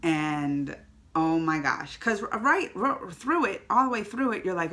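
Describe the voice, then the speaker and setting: A woman giving a casual, emotional vlog movie review to the camera, chatty and quick to tear up or laugh. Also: lowish voice, lively intonation, a bit bright.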